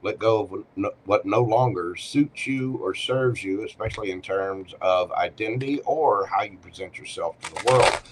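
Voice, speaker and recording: A man's voice: lowish voice, normal speed, few pauses, a little hiss or hum, poor audio. A man hosting a casual live tarot reading, chatting to viewers and talking to himself as he shuffles cards at home. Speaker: tarot reader.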